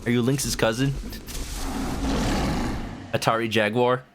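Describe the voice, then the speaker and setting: A man's voice: mid-range voice, steady tone, slow, noisy background. Playful man streaming a game. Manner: playful, jokey, slips into voices. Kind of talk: gaming commentary. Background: game music.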